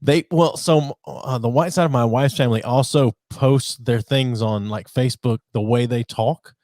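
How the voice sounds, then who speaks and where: A man's voice: mid-range voice, moderate pace, darkish tone, dry recording, clean studio sound. A man hosting a podcast who leads the topics in a loose, joking way. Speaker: podcast host. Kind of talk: casual podcast chat.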